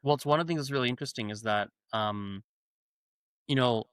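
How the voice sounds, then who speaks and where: A man's voice: medium pitch, brisk, fairly bright tone, clean tone, dry recording, studio quality. A man hosting a podcast in casual conversation, talkative and giving long examples from personal experience. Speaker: podcast host.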